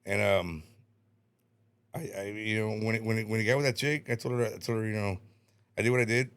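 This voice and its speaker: A man's voice: lowish voice, steady tone, a little fast, a bit bright, clear, resonant tone. A middle-aged man telling stories in casual podcast chat, repeating words, swearing and laughing as he rambles. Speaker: podcast guest.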